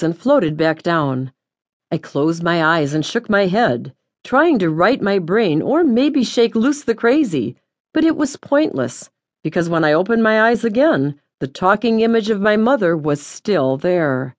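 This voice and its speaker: A woman's voice: mid-range voice, sing-song, a little slow, no room sound. A woman narrating an audiobook in first person, wry and lightly comic, close to the mic.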